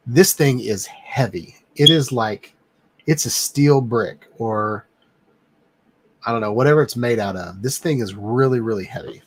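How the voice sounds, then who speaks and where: A man chatting on a live stream in an easygoing, rambling way. His pitch sits in an ordinary middle range, and he leans on frequent "um" fillers between thoughts. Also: unhurried, slight background noise. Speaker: livestream host. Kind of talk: casual live-stream chat.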